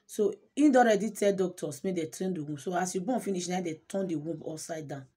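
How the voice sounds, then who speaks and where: Husky Nigerian woman telling a story. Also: on the low side, quick pace, mellow. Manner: emotive, repeats words for emphasis, mixes Pidgin and English. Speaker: channel host. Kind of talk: casual storytelling vlog.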